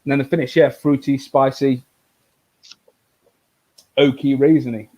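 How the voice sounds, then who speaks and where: A relaxed man leads a live whisky tasting, his talk loose and rambling, full of fillers and restarts. His voice sits at an ordinary middle pitch for a man. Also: measured pace. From United Kingdom. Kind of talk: casual live tasting chat.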